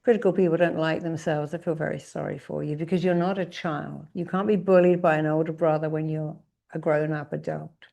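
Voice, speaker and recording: Woman, middle-aged, lowish voice, therapist, guided exercise, commanding, drawn-out emphatic affirmations. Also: steady tone, gravelly, dark tone. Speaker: therapist leading a group exercise.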